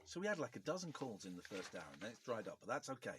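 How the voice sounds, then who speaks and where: A man's voice: mid-range voice, very animated, rapid-fire, noisy background. A man hosting a live radio show, chatting in a jokey, rambling, self-mocking way. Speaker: radio host. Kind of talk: casual radio chat. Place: radio studio.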